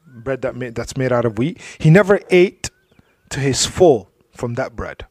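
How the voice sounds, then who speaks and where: A man's voice: medium pitch, lively intonation, a little slow. A man giving a religious talk, telling stories in a conversational way with frequent asides. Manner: storytelling, drops to soft asides, frequent "you know". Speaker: Islamic speaker.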